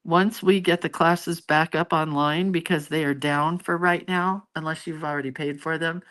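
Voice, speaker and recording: A woman's voice: low-pitched, steady tone, moderate pace, a bit bright. Middle-aged lady chatting on her live stream, reading viewer comments, rambly and friendly. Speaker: art teacher hosting a live stream.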